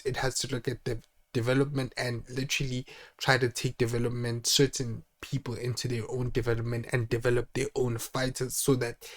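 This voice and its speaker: A young man hosting his own channel, talking casually and rambling, with many restarts and fillers. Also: medium pitch. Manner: rambling, restarts often, lots of "like". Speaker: channel host. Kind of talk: casual solo talk.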